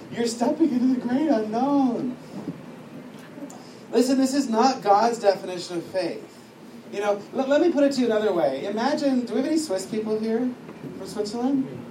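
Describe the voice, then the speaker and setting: A man giving an informal, chatty teaching talk to a class, wandering off on side stories and laughing often. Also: sits high. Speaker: teacher at a discipleship school. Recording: echoey room, distant mic, faint noise.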